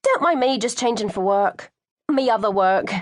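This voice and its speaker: A woman voicing a brash, cheerful young woman born in Australia and raised in London, with a high, loud, chatty manner. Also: lively intonation, moderate pace, natural voice. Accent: Australian-London mix put on.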